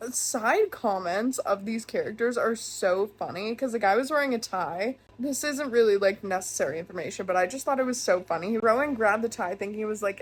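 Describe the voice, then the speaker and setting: A young woman excitedly recapping a book she is reading, gushing and saying "like" a lot. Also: medium pitch, husky. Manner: gushing, excitable, heavy use of "like". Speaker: book vlogger. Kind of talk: casual reading vlog recap.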